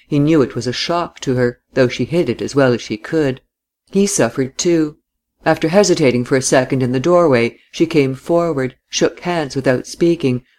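A man narrates a novel in an even, measured voice at a middling pitch. His delivery is steady and plain, suited to an audiobook.

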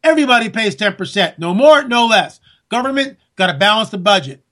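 A man's voice: high-pitched, sing-song, fairly quick, pushed and bright. A man hosting a political talk radio show, ranting and sarcastic, talking straight to his listeners. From California.

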